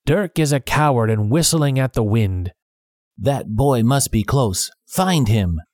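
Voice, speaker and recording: A man reading aloud and voicing a cruel, bullying blind old pirate leader who barks slow, harsh orders. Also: mid-range voice, lively intonation, darkish tone, no room sound, studio quality, natural voice. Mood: commanding. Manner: barking orders slowly and harshly. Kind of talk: audiobook character reading.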